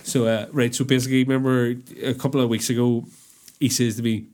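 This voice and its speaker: A man's voice: mid-range voice, flat delivery, fast, a little mellow. A man, co-hosting a podcast in rambling, sweary banter. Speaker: podcast co-host. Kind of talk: casual chat.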